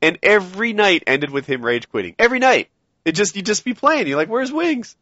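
A man co-hosting a casual podcast chat, easygoing and quick to laugh. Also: high-pitched, very animated, sharp tone, dry recording, muffled recording. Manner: laughs often, chatty and easygoing. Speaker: podcast co-host.

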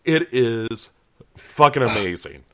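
A man co-hosting a podcast, chatting casually and jokingly about a film, laughing and putting on quick voices for the characters. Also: medium pitch. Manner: animated, laughing, jokey asides and quoted voices. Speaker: podcast co-host. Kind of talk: casual movie review chat.

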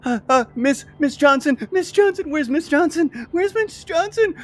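A man's voice: extremely high pitch, lively intonation, moderate pace, voice pushed up. A man voicing a frightened thirteen-year-old girl clone who panics and keeps repeating her questions in a tabletop game. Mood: panicked.

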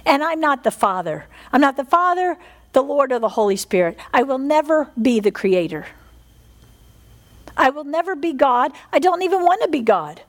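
A woman's voice: sits high, moderate pace. A middle-aged woman preaching a fervent sermon, often asking her listeners for an "Amen". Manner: fervent, animated, asks the congregation "Amen?".

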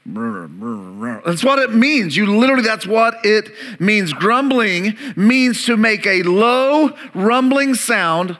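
A man's voice: high-pitched, expressive, slow, hardly any pauses, fairly bright tone. A man preaching a sermon as pastor, emphatic and calling on the congregation to repeat words back.

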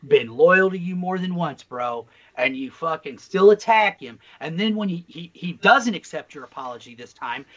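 A man co-hosting a casual podcast, talking bluntly and swearing a lot as he tells a story with animated energy. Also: a little high. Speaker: podcast co-host. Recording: slightly dull lo-fi sound.

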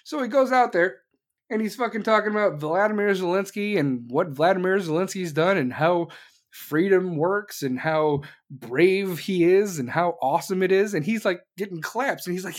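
A commentator delivering an angry, sarcastic political rant full of swearing, speeding up in bursts and slowing down to hit a point. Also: medium pitch. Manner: jumps between fast bursts and slow emphasis.

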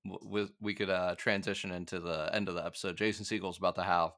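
Low-voiced man in a casual recap chat. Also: flat delivery, fast, a bit bright, dry recording, clean studio sound. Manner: rambling, laughing often, lots of fillers. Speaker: podcast co-host.

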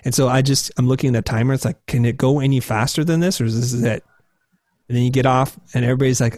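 A man in his forties, a guest telling candid stories in a self-deprecating, animated way, jumping up high when he acts out his past self. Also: fairly quick, no room sound, studio quality. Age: 40s. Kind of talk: candid conversational storytelling.

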